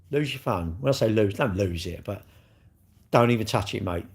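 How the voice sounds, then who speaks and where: A man's voice: medium pitch, animated, moderate pace, slightly rough. An older man, chatting casually with viewers on a livestream, blunt and joking, swearing freely. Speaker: livestream host.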